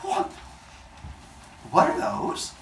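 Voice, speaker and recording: A man's voice: very slow, background noise. A male teacher voicing a brash, cocky young male god in a jokey, sing-song manner, recorded from a distance in a roomy classroom. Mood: booming.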